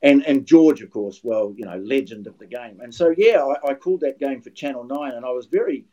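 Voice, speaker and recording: An older guest commentator from New Zealand tells anecdotes on a podcast in a casual way, often restarting mid-sentence. His medium-pitched voice is warm with lively intonation, he speaks briskly, and the recording sounds muffled.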